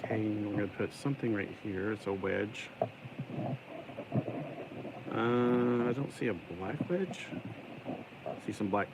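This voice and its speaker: Low-voiced man rambling through a LEGO build. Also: unhurried, gravelly, pauses often, heavy background noise. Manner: rambling, talks to himself, sings and jokes while building; puts on a stuck-in accent today. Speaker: YouTuber building a LEGO set. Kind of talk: casual build commentary.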